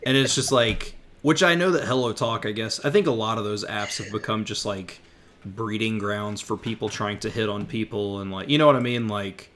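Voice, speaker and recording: A man's voice: on the low side, normal speed, crowd noise. A man hosting a podcast, chatting casually and joking at his own expense. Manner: laid-back, chatty, self-deprecating.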